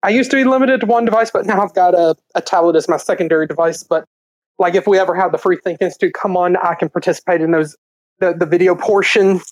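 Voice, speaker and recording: A man's voice: high voice, fairly even intonation, fast talker, no room sound, poor audio. A man with a Southern accent, the podcast's producer, talking hesitantly with many fillers. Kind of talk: casual podcast chat.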